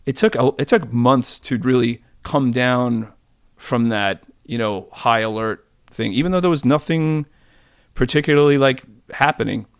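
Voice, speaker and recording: A man in his forties, a podcast guest, chatting casually and telling rambling, animated stories with many restarts. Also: mid-range voice, measured pace, smooth, dry recording, studio quality. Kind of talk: casual interview chat.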